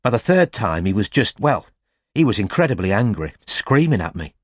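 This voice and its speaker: A man's voice: fairly low pitch, big pitch swings, moderate pace, no echo, studio quality. A man voicing an eager young female office secretary who asks anxious, breathless questions. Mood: flustered.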